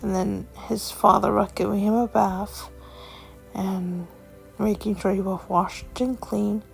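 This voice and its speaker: A woman's voice: mid-range voice, level tone, creaky, soft background music, poor audio. A woman telling a storybook tale dramatically, often correcting herself as she goes. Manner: slow, self-correcting, dramatic. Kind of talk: emotional storybook narration.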